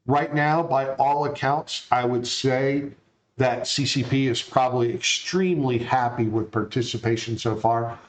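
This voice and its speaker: A man's voice: mid-range voice, measured pace, rough recording. A man hosting a live stream, talking casually and rambling with plenty of fillers. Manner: relaxed, rambling, lots of fillers. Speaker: stream host.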